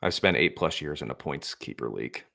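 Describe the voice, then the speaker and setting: A man's voice: extremely low pitch, expressive, a little fast, gravelly, bright, forceful tone. A man in his thirties co-hosting a sports podcast, chatting casually with dry, wry humor. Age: 30s. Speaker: podcast co-host.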